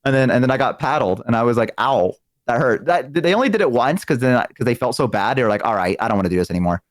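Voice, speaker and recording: A man's voice: mid-range voice, very fast, no room sound. A man from the American South tells stories in casual chat. He swears freely and acts out each person in them. The voice sits close and dry on the mic. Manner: animated, profane, acts out quoted voices. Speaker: streaming guest.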